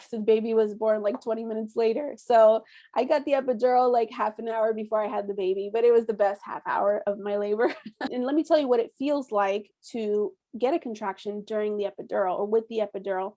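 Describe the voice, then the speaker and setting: A young woman hosting a workshop, telling her own story in a chatty, animated way, acting out quotes and laughing often. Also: mid-range voice. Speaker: workshop host. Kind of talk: casual storytelling.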